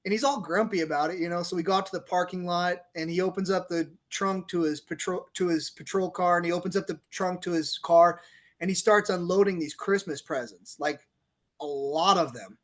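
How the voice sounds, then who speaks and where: A middle-aged man, a police officer turned author, telling a story on a podcast in a lively, laughing way and acting out the quotes. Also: high-pitched, fairly quick. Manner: animated storyteller, laughs often, acts out quotes. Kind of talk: casual storytelling interview.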